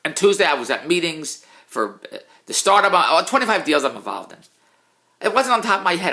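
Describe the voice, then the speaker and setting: A middle-aged man in a casual, self-mocking rant, swinging between low mutters and loud outbursts. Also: sing-song, a little fast, vocal fry. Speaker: vlogger, TV producer. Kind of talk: casual ranting monologue.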